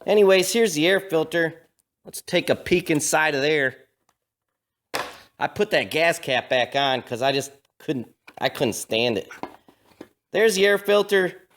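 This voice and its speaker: A man's voice: a little high, lively intonation, unhurried, fairly bright tone. A man vlogging in a garage, telling a story casually with lots of fillers and restarts, recorded on a camera mic. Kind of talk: casual chat.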